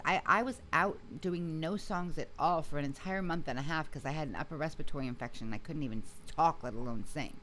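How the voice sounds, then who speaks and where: A woman guest in a casual interview, telling her story in an animated, emphatic way with frequent restarts. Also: deep voice, slight background noise. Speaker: interview guest, singer and video creator.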